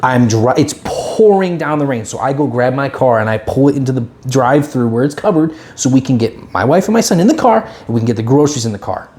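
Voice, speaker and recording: This podcast co-host, a man with a mid-range voice, talks fast with hardly any pauses. In an indoor podcast room, he chats casually and tells animated stories, acting out what people said.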